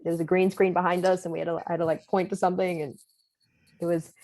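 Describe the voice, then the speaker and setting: A young actress chatting in a relaxed, hesitant way as a podcast guest, using lots of fillers and laughing easily. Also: female voice, on the low side, fast. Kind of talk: casual interview.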